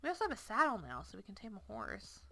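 Lively, gravelly woman chatting through gameplay. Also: medium pitch, quick pace. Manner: chatty, coaxing and scolding the game's animals playfully. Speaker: let's play host. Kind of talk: casual gameplay commentary.

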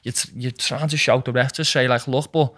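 A young man tells match stories with animated energy and drops "lad" into nearly every sentence. He talks at a middling pitch in an easygoing, chatty way. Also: brisk. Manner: animated storytelling, says "lad" constantly. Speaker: footballer guest. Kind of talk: casual chat.

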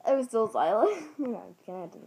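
A woman's voice: fairly high pitch, animated, normal speed, creaky, dark tone, slight background noise. A woman from Ohio chatting to camera in a giggly, scattered, jokey way. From Ohio, United States. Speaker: vlogger. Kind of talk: casual rambling to camera.

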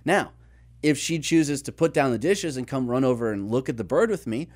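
A man's voice: medium pitch, animated, normal speed, darkish tone. Man explaining research on a podcast. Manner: explanatory, lists ideas and tells illustrative stories. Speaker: podcast co-host.

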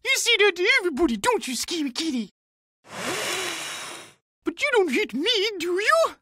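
A squeaky, sky-high cartoon cat, chattering in bubbly sing-song and playful broken grammar. The voice leaps all over its range and has a bright, sharp edge, recorded close and dry. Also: female voice, very animated, dry recording, heavily acted. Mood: excited. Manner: bubbly, sing-song, repeats her own names in rapid chants. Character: chatty, cheerful cartoon cat, silly and excitable. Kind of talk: cartoon voice acting.

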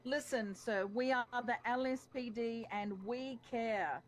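A woman's voice: a little high, unhurried, a little hiss or hum. A woman roleplaying a police negotiator in a game, flustered, stammering and overly earnest. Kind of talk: in-character roleplay banter.

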